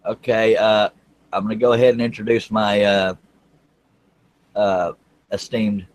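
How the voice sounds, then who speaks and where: A man with a fairly low voice hosts a casual panel over a video call. He jokes and teases his guests as he talks. His talk is loose and chatty. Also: steady tone, measured pace, no room sound. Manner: joking, teasing. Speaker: host of a woodworking panel show. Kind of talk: casual chat.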